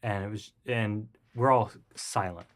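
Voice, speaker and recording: A man guest in an interview, telling a story casually and acting out the voices of the people in it. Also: measured pace. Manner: animated, acts out the voices of people in his story; jumps high and loud when excited.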